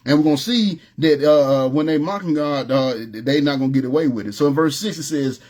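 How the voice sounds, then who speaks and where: A man preaching an informal sermon, telling stories in a relaxed, streetwise way and often asking "you know what I'm saying". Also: a little high, a little fast. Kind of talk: conversational sermon with storytelling.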